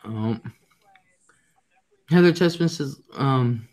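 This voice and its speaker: A woman's voice: a bass voice, expressive, slow pace, a little mellow. An older woman hosting a live chat show, telling rambling, profane stories in a blunt way and reading out viewer comments.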